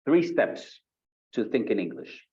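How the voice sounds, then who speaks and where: Slow-talking Paisa-accented man teaching. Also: highs cut off. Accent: Colombian Spanish, Paisa. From Colombia. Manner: animated, acts out sample answers with shifting pitch. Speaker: IELTS speaking tutor. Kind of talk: live online lesson. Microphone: video call.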